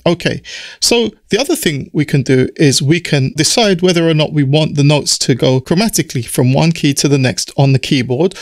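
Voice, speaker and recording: Man, croaky voice, relaxed step-by-step software tutor, dry close mic. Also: fairly high pitch, normal speed, no room sound. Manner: explanatory, step-by-step, relaxed with fillers. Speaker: music production tutor. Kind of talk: screen-recorded software tutorial. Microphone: studio mic through audio interface.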